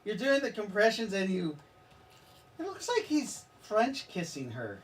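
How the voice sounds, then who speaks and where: A man running a tabletop game as game master rambles haltingly and laughs at his own jokes. His voice sits high with huge pitch swings, picked up on a distant mic with a little hiss or hum.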